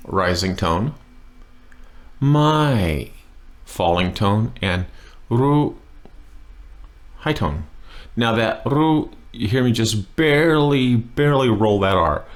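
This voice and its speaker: Slow, low-voiced joking male teacher. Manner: joking, wry asides; slow, deliberate pronunciation drills. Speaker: language teacher. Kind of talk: online language lesson.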